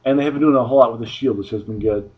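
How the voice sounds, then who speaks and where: A man's voice: mid-range voice, very fast, slightly rough, lo-fi sound. A man giving a casual solo review of a wrestling show, rambling offhand with frequent restarts.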